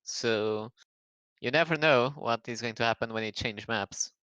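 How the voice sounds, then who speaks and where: A man's voice: mid-range voice, normal speed, pushed and bright, smooth, no echo, lo-fi sound. A man co-casting a live game stream, laid-back and teasing, often giggling at his partner. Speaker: co-caster. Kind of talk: casual live game commentary.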